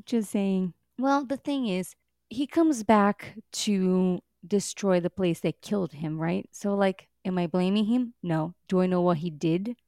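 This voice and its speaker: A woman co-hosting a casual podcast, talking in an animated, exasperated way. Her voice sits at a middle pitch for a woman, and the recording is dry and close. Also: measured pace, no room sound. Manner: animated, exasperated, swears and laughs. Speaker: podcast co-host.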